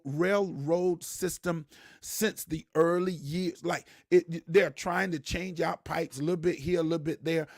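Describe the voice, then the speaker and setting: A man with a high, husky voice talks straight to his viewers, animated and preachy. He repeats key words and raises his voice to drive a point home. The sound is dry and close. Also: dry recording. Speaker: host. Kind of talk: casual live-stream talk to viewers.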